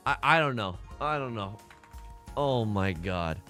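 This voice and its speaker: Lively, exasperated gaming host, stammering. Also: male voice, fairly low pitch, measured pace, soft background music. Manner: stammering, exasperated, self-mocking. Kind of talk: let's play commentary.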